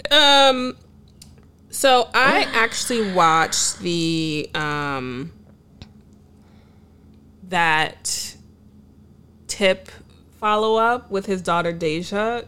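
A woman's voice: mid-range voice, animated, extremely slow, pauses often, bright, forceful tone, a little hiss or hum. A woman co-hosting a casual chat, frank and opinionated, sometimes reflective. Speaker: podcast co-host.

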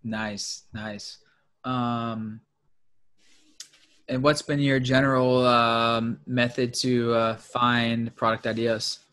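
A man hosting an interview, giving short acknowledgments and asking halting, restarted questions. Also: mid-range voice, level tone, a bit bright, smooth. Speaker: interviewer, podcast host. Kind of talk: casual interview.

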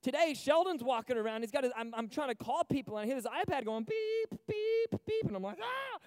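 Young man, youth pastor, high voice, energetic sermon, loud then hushed, dry close sound. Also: a little fast, no room sound. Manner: animated, swings from loud to hushed. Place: church service stage.

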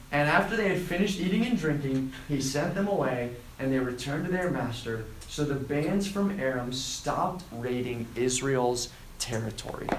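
A man preaching to students, retelling a scripture story and acting out the quoted lines with lively emphasis. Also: fairly high pitch, roomy sound, slight background noise, rough recording. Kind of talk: sermon to a student group.

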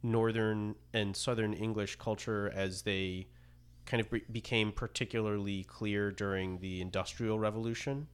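Man, low voice, tentative, hedging, interviewer, conversational. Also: fairly even intonation, moderate pace, clean tone. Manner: tentative, hedging long questions.

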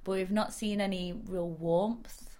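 A woman, co-hosting a casual podcast chat. She talks animatedly, laughs often and drops quick asides. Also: medium pitch, steady tone, warm tone. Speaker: podcast co-host. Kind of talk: casual chat about a TV show.

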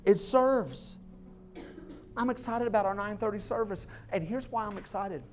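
Preaching to his congregation in the church sanctuary, the lead pastor, a man in his thirties, speaks fairly quickly in a high-pitched voice, with a little hiss or hum on the recording. He's chatty and informal, as if talking across a table, and drops into brief quoted voices to illustrate his points.

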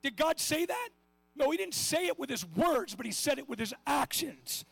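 Middle-aged man preaching, very high gravelly voice, impassioned, dry close sound. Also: expressive, normal speed, dry recording. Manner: impassioned, swings from shouting to hushed asides. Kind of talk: sermon.

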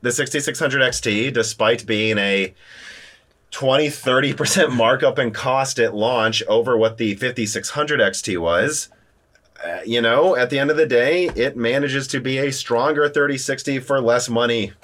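Hosting a laid-back tech discussion, a man speaks with animation and frequent lively shifts in pitch. He rolls through quick restarts as he goes.

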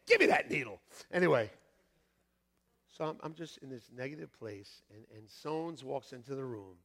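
A middle-aged male pastor telling a story in a sermon, animated, acting out voices with shouts and laughs. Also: medium pitch, normal speed. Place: church sanctuary. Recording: long hall reverb.

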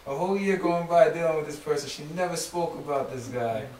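A man co-hosting a casual talk show, reacting to a story with quick comments. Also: fairly high pitch, a little mellow. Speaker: co-host. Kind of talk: casual chat. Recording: echoey room, distant mic.

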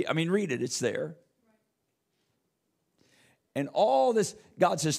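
A man's voice: medium pitch, moderate pace, gravelly, pauses often. A man preaching as a church elder, retelling scripture in a conversational way and voicing its characters. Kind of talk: sermon.

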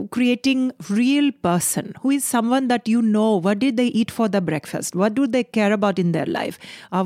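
A woman voicing an earnest middle-aged South Asian music teacher, speaking slowly and carefully with many pauses. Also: a little high, darkish tone, no room sound, studio quality, natural voice. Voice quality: slow, careful phrasing with frequent pauses.

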